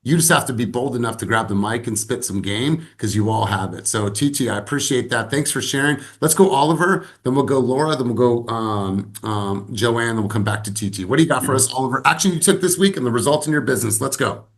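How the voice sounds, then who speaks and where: A man leading a sales team video call, giving emphatic motivational coaching that builds to loud peaks. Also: mid-range voice, fast talker, few pauses.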